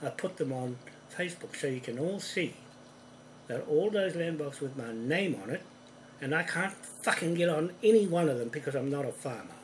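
A man giving an angry, profane monologue to camera from a room at home, accusing people directly and growing louder when heated. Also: fairly high pitch, animated, moderate pace, slight background noise, rough recording. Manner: forceful, ramps up in volume when heated. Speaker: video ranter.

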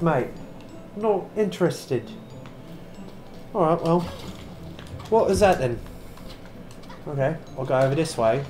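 A tipsy man hosting a VR gameplay video, talking in a put-on wandering British accent, with excitable exclamations and swearing at the game. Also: on the high side. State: tipsy from drinking. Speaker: gaming channel host. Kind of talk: VR gameplay commentary.

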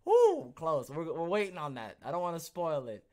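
A man hosting his own podcast, talking in a casual, rambling rant that swings between quiet asides and loud, emphatic bursts. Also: on the high side, huge pitch swings, normal speed. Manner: repeats himself, rambling restarts. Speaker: podcast host. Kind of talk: casual ranting commentary.

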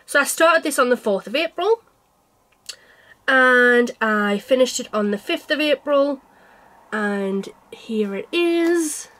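A woman's voice: sits high, expressive, slow, a bit bright. A woman vlogging about her cross-stitch projects in a chatty, self-mocking way, laughing often while feeling unwell. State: unwell with a cold. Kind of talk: casual chat to camera.

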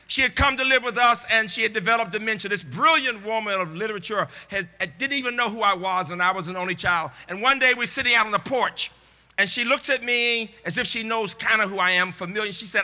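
A man in his sixties giving a commencement keynote, rhythmic and preacher-like, rising to shouted refrains. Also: high-pitched, brisk, long reverb tail. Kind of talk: commencement address. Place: large tent outdoors.

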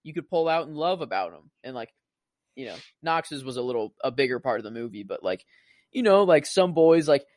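A man's voice: medium pitch, lively intonation, brisk, a little mellow, no room sound. A man co-hosting a film podcast, rambling casually with lots of "like" and "you know". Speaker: podcast co-host.

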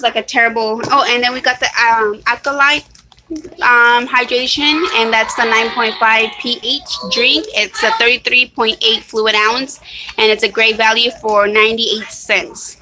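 Streaming live from her hot room at home, a woman with a high-ish voice chats casually over a noisy background. The vlogger is apologetic and rambling, full of ums and restarts, recorded on a phone or webcam.

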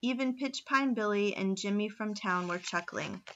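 A woman reading a children's novel aloud in a steady storytelling manner. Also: mid-range voice, normal speed, dull audio, a little hiss or hum. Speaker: reader.

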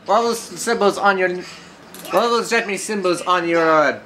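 Bright-voiced joking game commentator. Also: male voice, sits high, moderate pace, a little hiss or hum. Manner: joking, riffing, mock broken English. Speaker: gameplay commentator. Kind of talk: casual let's-play commentary.

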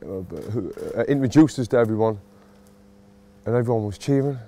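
His voice is warm and medium-pitched, and he talks fairly quickly. He's a thirtysomething boxing coach and vlogger from Sunderland, England, with a Mackem accent, vlogging casually and emotionally inside a football stadium with plenty of self-mockery.

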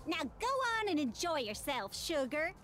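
A woman's voice: sits high, big pitch swings, normal speed, fairly bright tone, faint music behind. An actress playing a brash, glamorous female TV news reporter who calls people sugar and honey. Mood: chatty. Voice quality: flirty, brassy, calls others sugar and honey.

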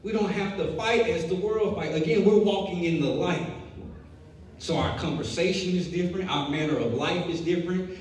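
A young man preaching a sermon, telling a lively story before building to emphatic preaching. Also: high-pitched, normal speed. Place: church sanctuary. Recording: echoey hall, distant mic, faint noise.

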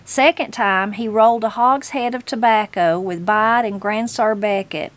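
A woman's voice: mid-range voice, normal speed, close to an everyday voice. A woman with a Southern Appalachian accent voicing a spry, tart elderly mountain granny, reading aloud from a storybook. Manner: tart, homespun mountain speech.

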